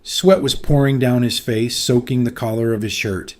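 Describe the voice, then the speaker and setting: A man narrating a scripted story with dramatic, suspenseful delivery. His voice is mid-pitched and steady, with a smooth, even, synthetic-sounding flow. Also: normal speed.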